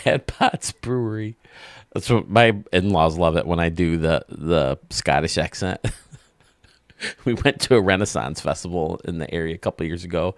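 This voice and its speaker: A man with a fairly low voice hosts a gaming channel, chatting casually about what he sees. He gushes and rambles, breaking into laughs often. The recording is close and dry, with no room sound. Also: no echo. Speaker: video game channel host. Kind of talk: casual gameplay commentary.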